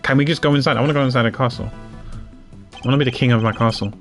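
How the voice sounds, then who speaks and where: A man's voice: mid-range voice, rapid-fire, soft background music. A man streaming a game, talking casually in a rambling way with stammers and restarts.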